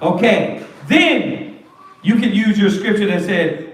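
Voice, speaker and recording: A high-pitched man leads a Bible class with animated, slangy humor and rhetorical questions. His voice lands from some distance, ringing around a very echoey room. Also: slow pace. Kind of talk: lively street-talk preaching. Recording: echoey room, voice far from mic.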